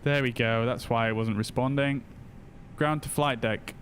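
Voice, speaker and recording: A man giving casual commentary while streaming a flight simulator, switching to slow, flat voice commands now and then. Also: medium pitch, slight background noise. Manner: slow, flat voice commands between chatty asides.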